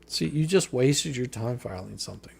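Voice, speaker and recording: A man with a mid-range, gravelly, husky voice speaks expressively at a moderate pace. Live on stream, he reads a legal filing aloud and rebuts each point with mocking, profane sarcasm.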